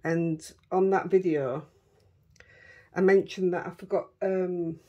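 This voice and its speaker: Chatty Yorkshire woman, low husky voice. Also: fairly even intonation, slow pace, highs cut off. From Yorkshire, England. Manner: chatty, talks to herself and her dogs while working. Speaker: craft vlogger. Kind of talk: casual crafting chat.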